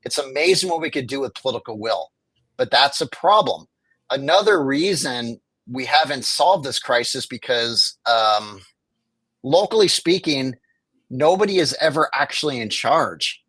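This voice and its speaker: A man's voice: mid-range voice, animated, normal speed, fairly bright tone, slightly rough, no echo, poor audio. A man speaking as a guest in an interview, making his case with passion and acting out what officials would say. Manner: impassioned, argumentative, acts out quoted officials. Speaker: homelessness advocate guest. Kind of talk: conversational interview.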